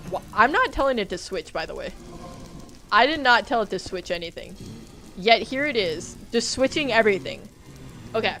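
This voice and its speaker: A woman's voice: fairly high pitch, expressive, normal speed, bright, forceful tone, slight background noise. Jumpy young woman streaming a game. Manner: jumpy, swearing, talks to chat. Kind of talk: live gameplay stream chat.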